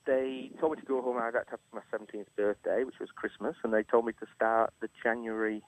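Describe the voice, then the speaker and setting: Man telling a lively story. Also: medium pitch, quick pace, no room sound, rough recording. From England. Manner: animated storyteller, acts out quotes, laughs often. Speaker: chef, radio guest. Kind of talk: casual storytelling interview. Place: radio studio. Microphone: studio microphone.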